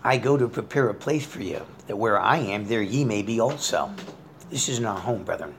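Lively middle-aged man preaching. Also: on the low side, moderate pace, slight background noise. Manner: conversational, lively, reads scripture with rising emphasis. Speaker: pastor. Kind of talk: Bible study sermon.

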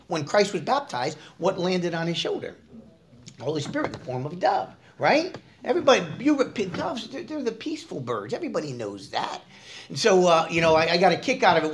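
A man preaching a casual, conversational sermon, asking the congregation questions and moving between loud emphasis and quiet asides. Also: fairly high pitch.

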